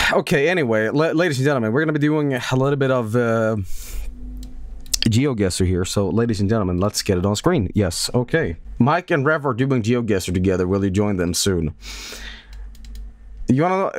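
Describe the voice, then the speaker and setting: Lively rambling streamer guy. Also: medium pitch, no echo. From Sweden. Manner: rambling, jokey, swears often, laughs a lot. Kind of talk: casual livestream chat.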